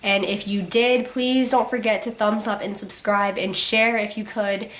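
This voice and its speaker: A teenage girl vlogger ranting casually to camera, her sick voice cracking, filling every pause with "like". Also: medium pitch, flat delivery, a bit bright. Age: teens. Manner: ranting, constant "like" fillers. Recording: roomy echo.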